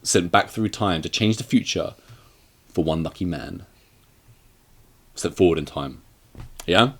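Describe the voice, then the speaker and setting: A man's voice: low-pitched, measured pace, fairly bright tone, breathy edge. A man hosting a casual film review chat, rambling and joking with frequent laughs, on camera in a room with shelves.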